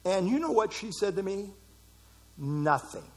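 A middle-aged man preaching a sermon, emphatic, with dramatic pauses. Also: high-pitched, expressive, slightly rough. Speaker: pastor.

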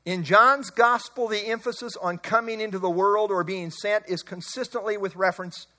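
A man preaching an expository sermon, emphatic, slowing and rising on key words. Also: sits high, steady tone, bright, forceful tone.

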